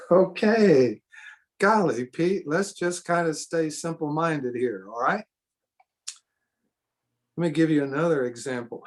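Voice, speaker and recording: A middle-aged man teaching a church seminar in an earnest way, repeating himself for emphasis and adding spontaneous asides. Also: a little high. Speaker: preacher.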